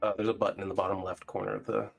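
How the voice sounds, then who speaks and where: A man narrating a tabletop game as dungeon master, halting and searching for words with many fillers. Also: on the low side, flat delivery, gravelly, soft background music.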